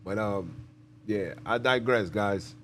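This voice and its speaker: A man's voice: on the low side, slow pace, fairly bright tone, slight background noise. A man hosting a live podcast monologue, talking emphatically and preachily and repeating his phrases. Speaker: podcast host.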